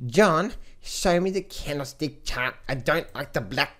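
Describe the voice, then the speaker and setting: Man doing a whiny demanding viewer, pleading and repetitive, higher than his usual voice. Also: animated, a little slow, fairly bright tone.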